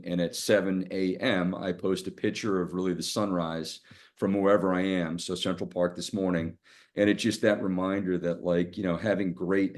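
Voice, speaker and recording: A middle-aged man speaks as a podcast guest from a hotel room, his voice very low and deep. He talks candidly, circling back and restarting his sentences as he goes. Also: a little mellow. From Boston area, USA. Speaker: guest, sales executive. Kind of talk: casual podcast interview.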